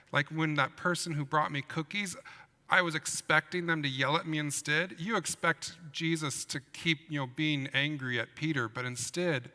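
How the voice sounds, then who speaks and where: A man, a pastor, giving an animated children's sermon in a church and asking his listeners questions as he tells the story. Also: fairly high pitch, in a large hall. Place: church sanctuary.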